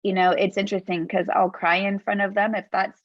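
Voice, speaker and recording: A woman's voice: medium pitch, little pitch movement, fairly quick, no echo. Woman, forties, podcast host, earnest reflective storyteller, slightly muffled, dry close sound. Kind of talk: conversational interview. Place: home office.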